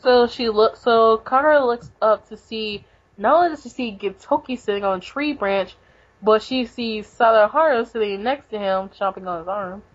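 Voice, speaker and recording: This podcast co-host speaks at a moderate pace in a somewhat high voice, rambling through a manga recap. She leans heavily on "like" and "basically," and the lo-fi recording sounds dull.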